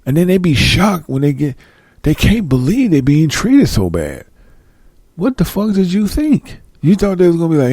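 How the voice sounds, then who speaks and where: Blunt, gravelly man ranting. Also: fairly high pitch, big pitch swings, normal speed, a little mellow, no echo, studio quality. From United States. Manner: blunt, profane, confrontational, asks rhetorical questions. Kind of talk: heated monologue.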